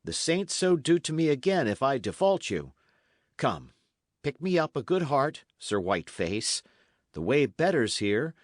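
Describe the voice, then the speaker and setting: A man voicing a bold, cheerful young squire who speaks loudly and forthrightly in an old-fashioned storybook tale. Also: mid-range voice, sing-song, unhurried, no echo, clean studio sound, voice pushed up. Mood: hearty. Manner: loud, hearty, forthright.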